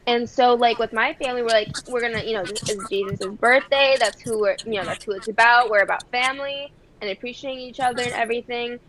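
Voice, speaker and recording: A woman with a fairly high voice chats easily on a podcast, and her talk is full of filler words. A faint hiss sits under the recording. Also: fast, few pauses, low-quality recording. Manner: relaxed, many filler words. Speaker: podcast co-host. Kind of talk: casual podcast chat.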